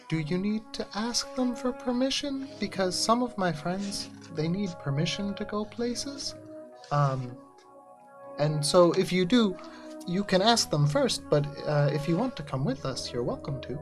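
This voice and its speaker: A woman's voice: lowish voice, lively intonation, measured pace, over music. A woman playing her character in a tabletop game, talking politely and hesitantly with many "um"s. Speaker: player. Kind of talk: in-character tabletop role-play.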